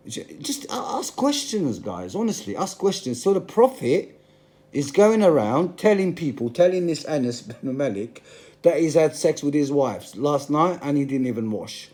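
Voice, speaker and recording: A man's voice: a little high, sing-song, normal speed, darkish tone. A man giving an emphatic, passionate monologue, full of repetition and rhetorical questions. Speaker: religious commentator.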